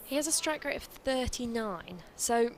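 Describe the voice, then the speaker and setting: A woman's voice: a little high, animated, normal speed, a little hiss or hum. A woman giving articulate cricket analysis as co-commentator, with a lightly playful touch.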